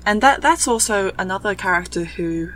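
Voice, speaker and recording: A woman's voice: medium pitch, animated, moderate pace, a bit bright, a little hiss or hum, poor audio. A woman guest on a podcast, chatting enthusiastically. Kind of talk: casual chat.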